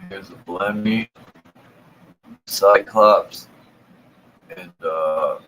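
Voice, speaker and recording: Slow, low-voiced man musing casually. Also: slight background noise, rough recording. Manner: relaxed, amused, slangy asides. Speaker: channel host. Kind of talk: casual commentary while browsing old maps.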